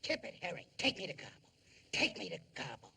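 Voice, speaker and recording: A man's voice: high-pitched, wildly swooping pitch, brisk, creaky, pushed and bright, a little hiss or hum, heavily acted. A man playing a shrunken, self-pitying showman who mangles big words, in 1930s film comedy acting. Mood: melodramatic.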